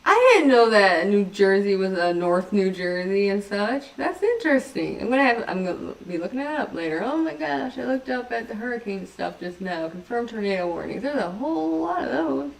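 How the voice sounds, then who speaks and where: A woman chatting casually on a livestream, wandering between thoughts and breaking into giggles as she teases herself. Her pitch sits at an ordinary middle height. She sounds a little removed from the microphone, as if sitting back from it. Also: very animated, moderate pace, vocal fry, few pauses, far from the mic. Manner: giggly, rambling, self-mocking. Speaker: livestream host.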